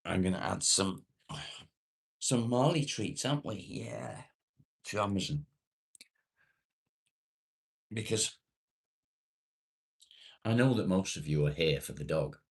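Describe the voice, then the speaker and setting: A man's voice: low voice, animated, slow pace, creaky, pauses often. A middle-aged man chatting casually on a live stream, reading out viewer comments in a laid-back way and swearing freely.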